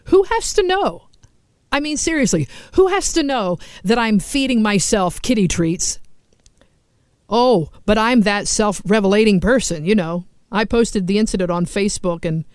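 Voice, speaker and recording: A woman hosting a show and telling funny stories in a lively, self-mocking way, playing out the lines of people in her stories. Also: medium pitch, clean tone, no room sound, studio quality. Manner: animated, self-mocking, acts out quoted lines. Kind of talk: storytelling monologue.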